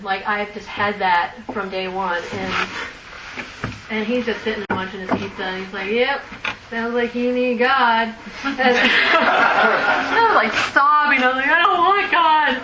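A woman candidly sharing a personal recovery story with a group, rambling, laughing often and using many fillers. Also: mid-range voice. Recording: echoey room, distant mic, noisy.

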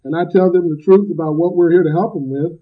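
Blunt, loud-spoken man on a dull recording. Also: a little high, fast. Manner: blunt, loud and emphatic, joking. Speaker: speaker at a recovery meeting. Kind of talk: personal recovery talk.

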